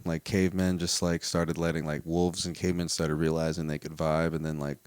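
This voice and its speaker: A man hosting a casual comedy podcast, animated and swearing often, breaking into silly voices to tell stories. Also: very deep voice, brisk, clear, resonant tone, dry recording. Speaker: podcast host. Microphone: home video podcast setup.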